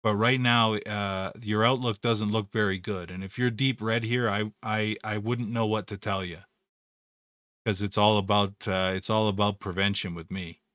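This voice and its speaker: A man's voice: on the low side, fairly even intonation, normal speed, fairly bright tone, no room sound, studio quality. A man hosting a live stream, talking casually through stock charts, rambling with repeated words and jokes. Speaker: trading educator.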